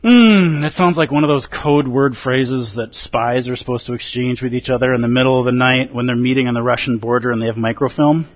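A man's voice: medium pitch, fairly even intonation, fairly quick, few pauses, muffled recording. A man giving a dharma talk as a meditation teacher, earnest and pleading, with playful asides.

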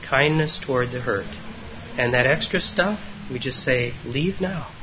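Meditation teacher, male, mid-pitched, gentle and halting dharma talk, muffled lo-fi recording with faint hiss. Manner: gentle, unhurried, with frequent hesitations. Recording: dull lo-fi recording with faint noise.

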